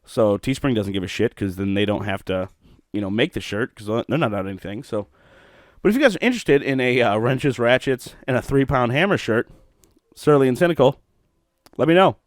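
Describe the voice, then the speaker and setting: Animated, profane male podcast host. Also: medium pitch, fairly quick, no echo, studio quality. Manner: profane, animated storytelling with bursts of laughter. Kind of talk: solo podcast monologue.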